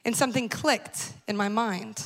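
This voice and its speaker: High-voiced woman telling a story. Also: moderate pace. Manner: conversational and wry, addressing the audience directly. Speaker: speaker at a church talk series. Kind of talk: personal storytelling talk.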